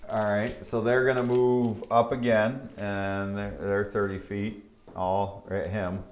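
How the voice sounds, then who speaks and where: Male dungeon master, fairly low voice, matter-of-fact rules calls. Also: flat delivery, takes it slowly. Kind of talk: running a tabletop game.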